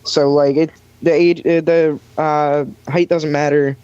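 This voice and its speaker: A man's voice: a little high, little pitch movement, a little slow, warm tone, clean tone, no echo. Young man, podcast guest, rambling storyteller, dry dull recording. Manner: rambling storyteller with many fillers, acts out quoted voices. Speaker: podcast guest recounting lifeguard job. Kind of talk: casual chat.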